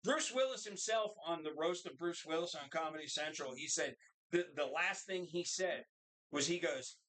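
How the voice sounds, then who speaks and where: A man's voice: fairly high pitch, normal speed, fairly bright tone. A man co-hosting a casual live show from a bar, rambling and quoting movie lines in put-on voices. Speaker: co-host. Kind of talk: casual bar podcast banter.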